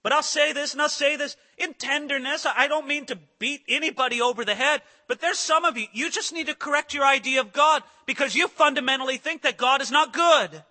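A man preaching a sermon earnestly, building to emphatic passages and dropping to soft asides. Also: extremely high pitch, a little fast, few pauses, big-room sound. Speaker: pastor.

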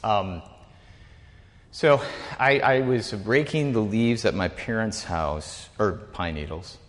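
Man, low-ish voice, casual Bible-class teacher; rambles and self-corrects; hall reverb. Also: takes it slowly. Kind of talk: informal teaching talk to a group.

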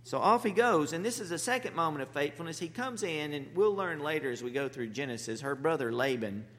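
Pastor preaching in a reverberant hall. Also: male voice, on the high side, expressive, a little fast, fairly bright tone. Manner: humorous storytelling, conversational. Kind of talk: sermon.

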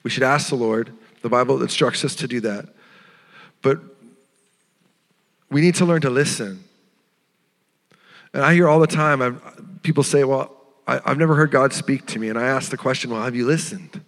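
A male pastor delivers an earnest, tender sermon in a mid-range voice. His words ring out with a long reverb from a church sanctuary, and now and then he drops to a hushed tone. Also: mid-range voice, normal speed, pauses often. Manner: earnest, tender preaching with soft hushed moments.

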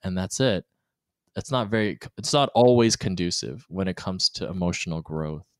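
A man's voice: deep voice, moderate pace, smooth, no room sound, clean studio sound. A married man talking candidly about conflict in his marriage, acting out the voices he quotes. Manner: animated, acts out quoted voices. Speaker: married guest. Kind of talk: candid conversational talk.

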